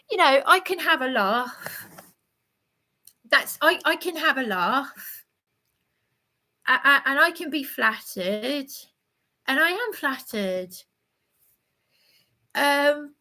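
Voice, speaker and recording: Woman livestreaming from a hotel room, bright kinda high voice, rambly, keeps restarting. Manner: halting, many restarts, answers viewer comments. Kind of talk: rambling live chat to viewers.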